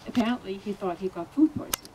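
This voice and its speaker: A woman giving an informal funeral eulogy, halting and with fillers. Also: mid-range voice, animated, background noise. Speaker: eulogy speaker, friend and landlord.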